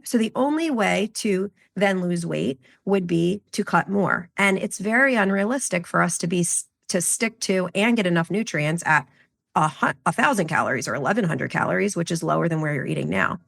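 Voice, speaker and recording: A woman's voice: lowish voice, vocal fry, fairly bright tone. A woman co-hosting a podcast, talking casually as a health coach and explaining with client examples.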